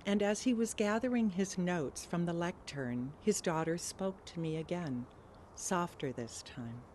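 Slow, earnest woman storyteller. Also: lowish voice, a little mellow, slight background noise. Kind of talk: live personal storytelling.

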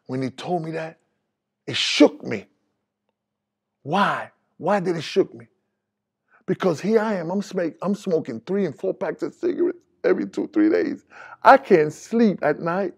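A man's voice: on the high side, expressive, unhurried, slightly rough. A man giving his spoken testimony as a preacher, candid and plainspoken with street phrasing, rising animatedly when he retells conversations.

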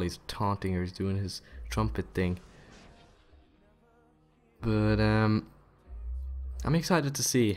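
Excitable young man commentating a wrestling game. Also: lowish voice. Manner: excitable, swears, talks to the game opponent. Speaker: gaming YouTuber. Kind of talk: casual gameplay commentary.

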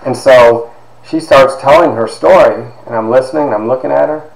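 A man, a university instructor, telling stories from his life to his class, lively and sometimes dropping into hushed asides. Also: mid-range voice, moderate pace, gravelly, echoey room, crowd noise, poor audio. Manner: animated storyteller, drops to hushed asides. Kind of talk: storytelling lecture to a class.

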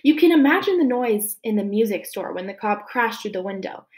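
A woman teacher reads a chapter book aloud, giving the scenes plenty of expression. Her voice sits a little high. She pauses now and then to speak to the children. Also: lively intonation, darkish tone.

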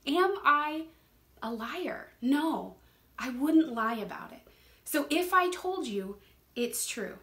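A woman's voice: high voice, lively intonation, takes it slowly, pauses often, fairly bright tone. A young woman teaching a Bible study in a casual, earnest way, laughing often and repeating words as she talks.

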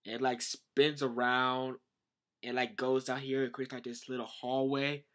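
Bright-voiced man rambling about manga. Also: mid-range voice, level tone, measured pace. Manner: rambling, enthusiastic, heavy use of "like". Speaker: manga reviewer. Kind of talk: casual manga commentary.

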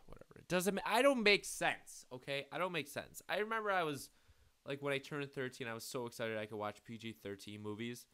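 Bright rambling teenage gamer guy. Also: mid-range voice, brisk, clear, resonant tone, no room sound. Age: late teens. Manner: rambling, crude and self-mocking. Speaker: gaming YouTuber. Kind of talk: casual gameplay commentary.

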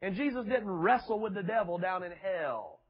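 High-voiced husky preacher, mocking. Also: male voice, lively intonation, moderate pace, lo-fi sound. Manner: mocking, sarcastic preaching with emphatic repetition. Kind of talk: sermon. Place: church with children present.

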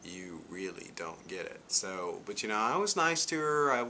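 Very animated and speaking at normal speed, a vlogger in his forties rambles through a story for his audience, sprinkling in "you know." His fairly low voice has a sharp tone, with slight background noise.

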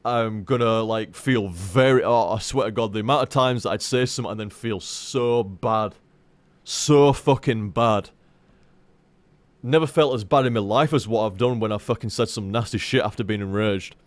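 A man's voice: fairly low pitch, normal speed, no room sound. Frank, sweary man talking casually. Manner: frank, sweary, rambling with restarts. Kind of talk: casual live-stream chat.

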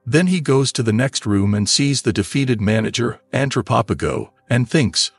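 A man narrating a comic story recap in a steady, plain manner over faint music. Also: mid-range voice, normal speed, hardly any pauses, husky, dry recording.

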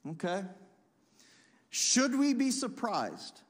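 A man preaching a sermon as pastor, emphatic, swinging between loud punchy lines and quiet asides. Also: extremely high pitch, wildly swooping pitch, slow. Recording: long hall reverb.

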